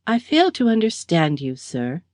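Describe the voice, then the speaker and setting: Bewildered, affronted gentleman, read by a woman narrator, low-ish mellow tone. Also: sing-song, a little slow, no room sound, clean studio sound. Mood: baffled. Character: baffled, indignant English gentleman.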